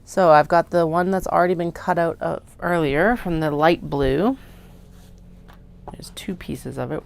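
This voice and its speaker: Vlog crafter, woman with a low gravelly voice, chatty asides, faint room hiss. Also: fairly even intonation, measured pace. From Canada. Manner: chatty, self-mocking, muttering to herself while cutting fabric. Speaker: craft maker. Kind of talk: casual work-along vlog narration. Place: home sewing studio.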